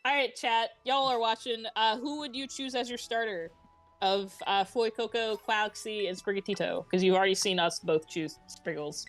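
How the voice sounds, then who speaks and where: A woman co-hosting a casual gaming stream, chatty and quick to laugh, reading out chat. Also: medium pitch, soft background music. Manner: chatty, laughs often, reads chat aloud. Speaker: streamer co-host.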